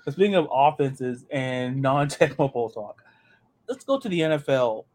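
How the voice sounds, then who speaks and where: A man hosting a sports podcast, talking in an animated, joking way and often repeating his words. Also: medium pitch, moderate pace. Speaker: podcast host. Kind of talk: casual sports chat.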